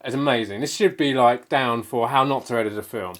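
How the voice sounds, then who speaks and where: A man's voice: medium pitch, a little fast, a bit bright. A man co-hosting a casual film review chat, rambling with many restarts and fillers. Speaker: film podcast co-host.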